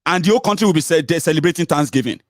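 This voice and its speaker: A Nigerian commentator's fairly high voice races along in a dry, clean studio recording. With a Nigerian accent and bits of Pidgin and Yoruba, he mocks politicians emphatically and fires off rhetorical questions.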